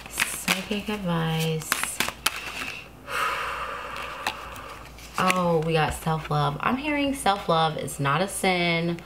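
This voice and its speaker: A woman's voice: fairly low pitch, background noise. A woman giving a casual tarot reading to her viewers, chatty and reassuring, often laughing to herself. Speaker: tarot card reader.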